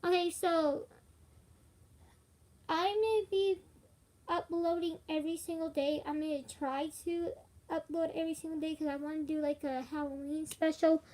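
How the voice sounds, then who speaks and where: Tired high-voiced young woman streaming live. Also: fairly even intonation, normal speed, darkish tone. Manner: rambling, with frequent fillers and laughs. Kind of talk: casual live stream chat.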